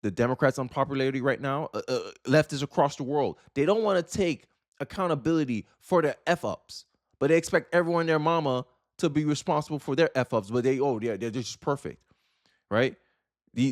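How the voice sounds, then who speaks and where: A young man in his twenties hosting casual political commentary, talking in an animated, sarcastic and colloquial way. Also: medium pitch, fairly quick, no room sound, clean studio sound. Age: young adult, 18 to 29.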